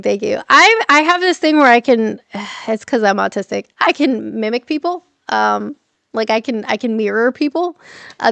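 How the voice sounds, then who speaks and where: Middle-aged woman streamer, gravelly, a touch high, casual, swears freely. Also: fairly bright tone, no room sound. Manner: chatty, swears freely, laughs often, answers viewer comments. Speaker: livestream host. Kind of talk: casual livestream chat.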